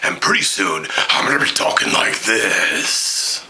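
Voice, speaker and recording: A brash, crude, flirty aging male film star , as a man puts him on, with a gravelly voice that swings wildly up and down. He lurches from hushed whispers to barked shouts. The tone is strikingly bright and sharp. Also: sits low, big pitch swings, a little slow, heavily acted, rough recording. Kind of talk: comedic celebrity impression.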